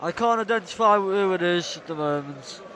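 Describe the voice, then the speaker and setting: A man narrating his matchday vlog from a stadium stand, excitable and shouting, his voice hoarse from all the shouting. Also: high voice, normal speed. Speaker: football fan vlogger. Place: outdoors in a packed stadium stand. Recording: loud crowd noise over the voice. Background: loud chanting football crowd.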